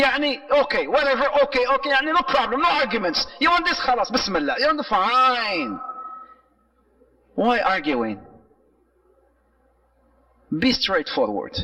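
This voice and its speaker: A man giving an Islamic lecture, telling stories in an animated way and mixing Arabic phrases into his English. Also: very high voice, normal speed, pauses often, far from the mic, low-quality recording. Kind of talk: sermon-style lecture.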